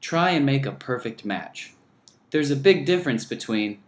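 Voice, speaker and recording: A man teaching an English lesson, speaking slowly and deliberately and modelling phrases for learners to repeat. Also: mid-range voice, lively intonation, reverberant. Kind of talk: scripted lesson narration.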